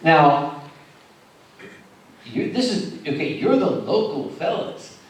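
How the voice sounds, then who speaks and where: An American man hosting a convention panel, telling stories in a theatrical, jokey way that swings between loud and hushed. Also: high-pitched, animated, slow pace. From United States. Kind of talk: comic storytelling on a panel. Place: large convention hall. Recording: echoey hall recorded from far off.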